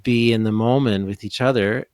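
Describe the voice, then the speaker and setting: A man's voice: fairly low pitch, fairly even intonation, moderate pace, clean tone, dry recording, studio quality. A middle-aged man hosting a podcast interview, chatting loosely and thinking aloud with plenty of fillers. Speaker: podcast host. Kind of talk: casual interview chat.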